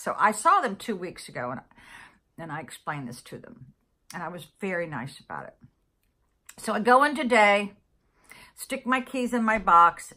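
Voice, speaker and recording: A woman's voice: lowish voice, bright, forceful tone. A middle-aged woman vlogger telling a long personal story in a casual, exasperated, chatty way, checking in with listeners as she goes. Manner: exasperated, chatty, full of asides like "okay?".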